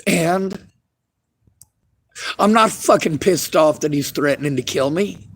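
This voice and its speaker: High-voiced man in a bitter, profane rant. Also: slow pace, breathy edge. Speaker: vlogger. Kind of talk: angry monologue to camera.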